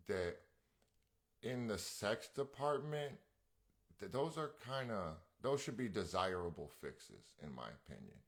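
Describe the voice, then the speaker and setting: Man, very low voice, podcast co-host, casual, rambling, slangy, reads live comments. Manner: relaxed, rambling with restarts and slang. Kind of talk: casual chat.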